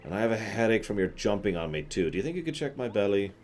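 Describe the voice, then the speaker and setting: A man's voice: fairly low pitch, big pitch swings, quick pace, a little mellow, soft background music. A man voicing a whiny giant whale. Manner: complaining. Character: huge male whale, whiny and put-upon.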